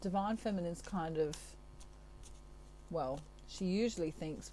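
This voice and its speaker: A woman's voice: fairly low pitch, measured pace, long pauses, mellow. Aussie lady tarot reader, chatty and giggly, takes her time talking, faint hum behind her. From Australia. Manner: chatty, giggly, playful asides. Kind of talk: casual chat to camera.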